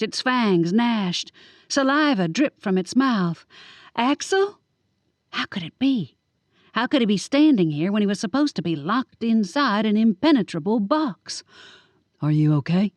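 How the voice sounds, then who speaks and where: A woman narrating a first-person audiobook in a lively, wry storytelling manner. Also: mid-range voice, unhurried, no echo. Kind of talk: scripted narration.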